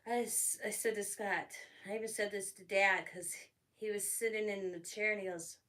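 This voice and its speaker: Brief: middle-aged woman host, chatty live-stream storyteller, quick to laugh, crisp bright tone, mic set back. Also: medium pitch, steady tone, far from the mic. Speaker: craft channel host. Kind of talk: casual live-stream chat.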